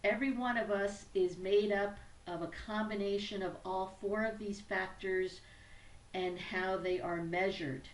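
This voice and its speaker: A woman's voice: medium pitch, fairly even intonation, a little slow. Upbeat woman teaching in an echoey room. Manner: upbeat, conversational teaching with occasional restarts. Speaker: business trainer. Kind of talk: recorded tutorial presentation. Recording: roomy echo, distant mic, faint background noise.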